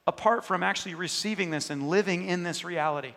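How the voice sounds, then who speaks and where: Bright-voiced man preaching in a hall. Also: high-pitched, fast talker, gravelly, hardly any pauses. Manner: earnest, conversational preaching with quoted inner dialogue. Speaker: pastor. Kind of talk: sermon.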